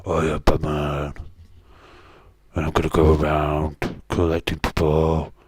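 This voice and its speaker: A man with a Yorkshire accent putting on a gruff, growling masked vigilante voice as a joke impression. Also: a bass voice, monotone, a little slow, a little mellow, dry recording, voice pushed down, exaggerated voice.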